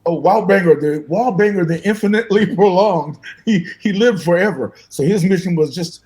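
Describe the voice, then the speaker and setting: An older man, a guest musician, telling animated, fast-paced stories in an interview and acting out the voices of the people in them. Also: sits high, low-quality recording. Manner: fast-talking, acts out voices in his stories, laughs often.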